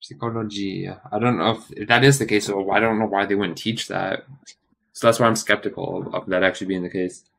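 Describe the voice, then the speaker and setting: Low-voiced man muttering through study. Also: fairly even intonation, a little fast, vocal fry. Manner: hesitant, self-questioning, trails off quietly. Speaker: streamer studying Italian. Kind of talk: thinking aloud while studying.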